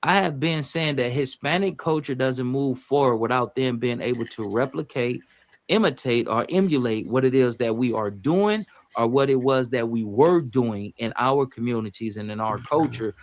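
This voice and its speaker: Guy hosting a live stream, average pitch, kinda lecturing, keeps correcting himself. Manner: measured, lecturing, self-correcting. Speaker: livestream music reviewer host. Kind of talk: casual live-stream commentary.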